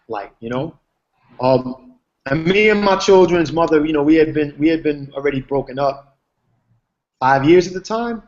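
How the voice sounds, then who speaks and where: A man's voice: a little high, dull audio. A man, a TV writer, telling a long story in a casual, rambling way with lots of slang and fillers, heard over a video call. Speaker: TV writer, guest. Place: online video hangout.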